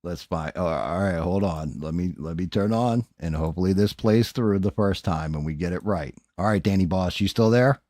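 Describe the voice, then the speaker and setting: A man's voice: deep voice, normal speed, hardly any pauses, a little mellow, no echo, clean studio sound. A man hosting a casual livestream, talking in a profane, rambling, off-hand way. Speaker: streamer and host. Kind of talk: casual livestream chat while painting.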